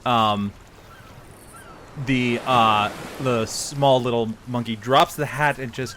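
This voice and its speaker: Slow-paced man running a tabletop game. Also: mid-range voice, slight background noise. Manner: relaxed, laughs often, hesitant fillers. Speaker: game master.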